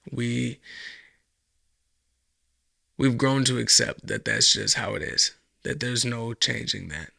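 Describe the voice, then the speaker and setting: Gravelly, bright-voiced ranting male podcaster. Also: medium pitch. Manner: profane, ranting, mocking put-on voices. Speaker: podcast host. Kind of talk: solo commentary monologue.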